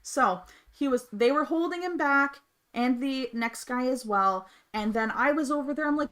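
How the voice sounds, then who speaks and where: Slightly high-voiced woman telling an animated story. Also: moderate pace. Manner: animated, colloquial, swears freely. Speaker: streamer's wife, co-host of a gaming livestream. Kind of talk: casual storytelling on a livestream.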